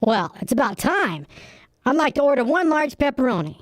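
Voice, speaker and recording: A man's voice: very high-pitched, sing-song, moderate pace, dry recording, studio quality. A performer voicing an impatient young man who is trying to order a pizza and gets more exasperated with each question. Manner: exasperated, keeps getting cut off. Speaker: customer.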